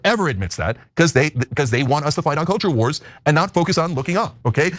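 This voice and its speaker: Guy hosting a politics show, talks super fast, fired up and sarcastic, dry close sound. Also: a little high, a bit bright, dry recording. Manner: impassioned, ranting, sarcastic. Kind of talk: heated political commentary.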